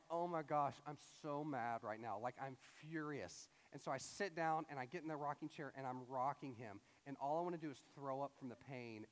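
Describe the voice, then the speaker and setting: A man in his thirties telling a personal story in a sermon, acting out his own lines with lively storytelling. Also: a little high. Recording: long hall reverb.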